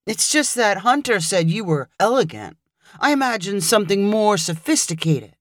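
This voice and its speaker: Woman putting on a dorky young guy, slow and goofy, lines drawn out, voice rises and falls a lot, dry close sound. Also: mid-range voice, animated, no room sound, pitched above the performer's own voice, lightly acted. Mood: critical. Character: clumsy goofy young man on a date.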